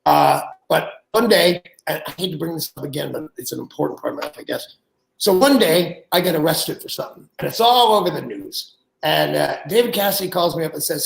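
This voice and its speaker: A man in his sixties, a guest, telling animated anecdotes and acting out the people he quotes. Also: on the high side, brisk, vocal fry, echoey room, low-quality recording. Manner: animated storyteller who acts out quoted people, laughs mid-story. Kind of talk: anecdotal storytelling.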